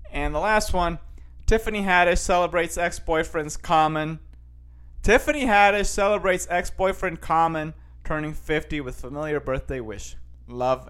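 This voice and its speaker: Rambling man with a slightly high voice. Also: fairly bright tone. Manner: rambling, full of fillers and restarts. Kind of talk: casual chat reading out news headlines.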